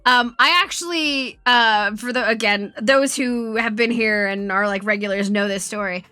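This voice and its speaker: Bright, profane woman streamer. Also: a little high, moderate pace, smooth, no echo. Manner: profane, rambling storytelling. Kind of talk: casual stream chat. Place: home streaming setup.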